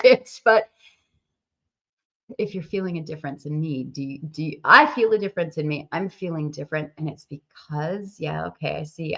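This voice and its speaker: Woman, congested with a cold, business coach, expressive live stream, lowish voice, dull muffled audio. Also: creaky. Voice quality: expressive, laughs often, swings between bright and soft. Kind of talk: emotional live-stream talk to followers.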